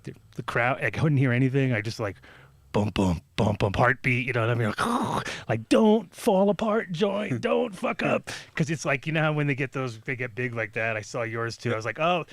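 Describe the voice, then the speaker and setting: A man's voice: mid-range voice, brisk, fairly bright tone, no echo. Rambling, profane male storyteller. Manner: rambling, profane, acts out quoted voices. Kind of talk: casual storytelling on a talk show.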